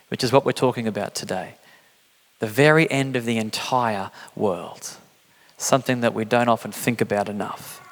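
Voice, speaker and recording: A man preaching a sermon in a casual, joking way, acting out quotes with big jumps in his voice. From England. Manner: conversational, jokey, acts out quotes with big pitch jumps. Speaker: pastor. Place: church hall. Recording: church hall reverb.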